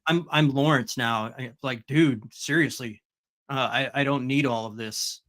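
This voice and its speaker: A man's voice: mid-range voice, steady tone, measured pace, a bit bright. A man guesting on a live stream, telling casual stories with stammers and quoted dialogue. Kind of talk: casual storytelling.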